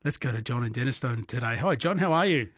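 A man's voice: mid-range voice, lively intonation, quick pace, a bit bright, breathy edge, no echo, clean studio sound. A man hosting a morning radio quiz in a chatty, conversational way. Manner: chatty, friendly and conversational, with fillers. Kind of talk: casual radio talk and quiz. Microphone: studio microphone.

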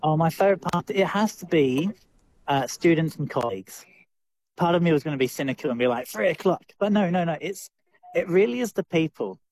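A man's voice: on the high side, expressive, brisk, a little mellow. A man with an Australian accent, a drama teacher answering interview questions thoughtfully, with lots of fillers and restarts.

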